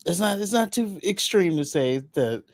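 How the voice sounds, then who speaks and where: A man's voice: sits high, expressive, moderate pace. A man co-hosting a podcast in casual chat, boastful and joking with his partner. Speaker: podcast co-host.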